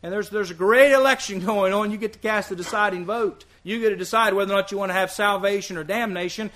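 A man's voice: high voice, brisk, hardly any pauses, a bit bright. A man preaching a sermon as a visiting preacher, earnest and emphatic, repeating his key points.

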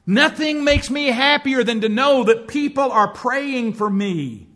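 A man's voice: extremely high pitch, animated, unhurried, pushed and bright. A man preaching as pastor, telling stories and acting out the voices of people he quotes. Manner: storytelling preacher who acts out quoted speech. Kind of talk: sermon.

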